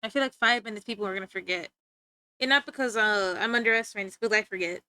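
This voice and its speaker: A woman's voice: mid-range voice, fast talker, pushed and bright, clear, resonant tone, no echo. A young woman streamer chatting playfully with her viewers, teasing and giggling as she talks. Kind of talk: casual chat with stream viewers.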